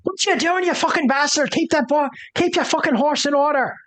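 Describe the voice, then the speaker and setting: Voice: high voice, fairly quick, pitched above the performer's own voice. A game master putting on a furious, foul-mouthed street woman. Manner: shouting abuse, spits. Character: foul-mouthed angry woman dust sifter.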